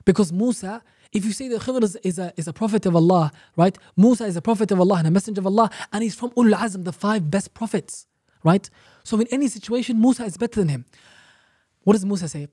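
A man's voice: high voice, fast, mellow, husky, no room sound, clean studio sound. A man, an Islamic teacher guest on a podcast, explaining a religious story emphatically with rhetorical questions and repeated phrases.

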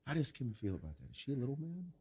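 A man co-hosting a podcast, chatting casually and telling animated, profanity-heavy stories about his family. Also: mid-range voice, very fast, husky. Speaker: podcast co-host. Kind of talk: casual chat.

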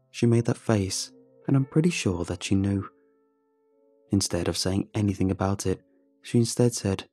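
A man narrates a scripted horror story in a measured, somber manner. His voice is low-set and dark, and faint music runs underneath.

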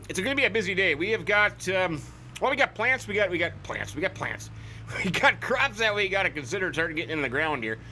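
A man's voice: a little high, bright, forceful tone. A man hosting a farming game let's play, chatting in a goofy, rambling way and repeating words for fun. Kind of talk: casual gameplay commentary.

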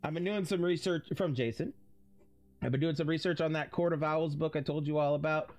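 A man's voice: a little high, fairly even intonation, brisk, a little mellow. A man streaming a video game, chatty and self-amused as he reads in-game messages aloud. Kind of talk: casual livestream reading aloud.

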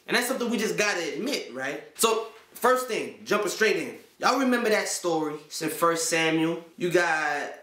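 A man talks casually to his viewers about faith, slangy and conversational, often checking in with "right?". His voice sits fairly high. The recording has a lot of room echo. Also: animated, moderate pace, pushed and bright. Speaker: Christian video host. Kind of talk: casual talk to camera. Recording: echoey room.

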